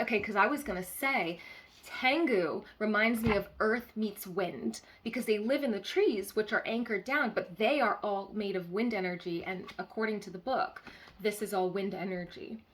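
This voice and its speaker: A woman's voice: medium pitch, moderate pace. A woman giving a live-streamed channeled card reading as a spiritual healer, earnestly repeating key phrases and checking in with listeners.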